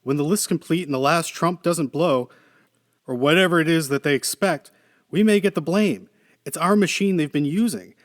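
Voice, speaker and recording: A man's voice: on the high side, moderate pace, no room sound, voice pushed up, lightly acted. A man voicing a worried engineer, urgent, talkative, a little raised, dry close sound. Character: anxious male computer engineer, urgent, chatty.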